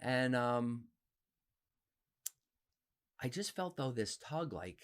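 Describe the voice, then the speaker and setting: A man in his fifties from New Jersey, a podcast guest telling stories from his life in a casual, animated way. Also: extremely slow. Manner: animated, acts out quoted voices with big pitch jumps. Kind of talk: casual storytelling interview.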